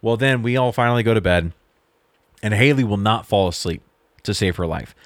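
A young man with a fairly low voice tells a rambling story on a podcast. He acts out what people said and swears casually as he goes. The recording is dry and close, with no room sound. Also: a little fast, no echo. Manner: storytelling with swearing and quoted dialogue. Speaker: podcast co-host. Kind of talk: casual chat.

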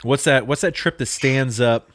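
A man's voice: mid-range voice, normal speed, a bit bright. A young man, a podcast co-host, telling a long story in casual chat, quoting people and swearing freely. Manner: storytelling with swearing and quoted dialogue.

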